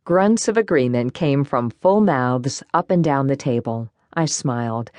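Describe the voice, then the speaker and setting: A woman narrating a first-person cozy mystery audiobook in an expressive, warm storytelling manner. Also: rumbling low, unhurried, few pauses, dry recording, clean studio sound.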